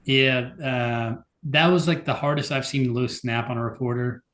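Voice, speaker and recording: A man's voice: medium pitch, steady tone, normal speed, fairly bright tone. A man with a mid-range voice co-hosts a podcast in loose, casual chat. He leans on fillers and sounds exasperated as he rambles through his points. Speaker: podcast co-host.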